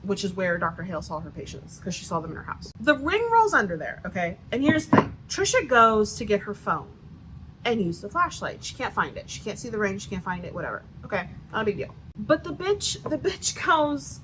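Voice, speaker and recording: A woman's voice: mid-range voice, very animated, a little fast, a bit bright, slight background noise, poor audio. A woman with a Southern US accent giving a sarcastic, profanity-filled book review rant with lots of "like" fillers. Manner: sarcastic, swears a lot, many "like" fillers.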